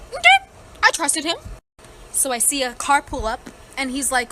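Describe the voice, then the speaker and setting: A woman's voice: high-pitched, huge pitch swings, normal speed, pauses often, very noisy. A woman telling a casual story, chatty and full of filler words.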